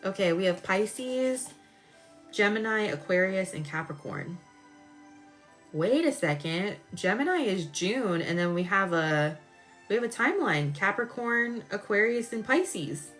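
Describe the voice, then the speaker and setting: A woman doing a live-stream tarot reading, chatty and expressive, jumping from excited squeals to low murmurs as she talks to her viewers. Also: a little slow, soft background music. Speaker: tarot reader.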